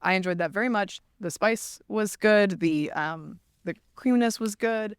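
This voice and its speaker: A woman's voice: medium pitch, moderate pace, smooth, dry recording. A woman hosting a casual podcast, with a wry, teasing way of talking. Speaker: podcast host. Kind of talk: casual chat.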